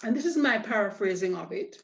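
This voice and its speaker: A woman's voice: medium pitch, expressive, quick pace, vocal fry, highs cut off. A woman teaching a lesson, explaining patiently and spelling out letters one by one. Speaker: Spanish teacher. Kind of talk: online lesson.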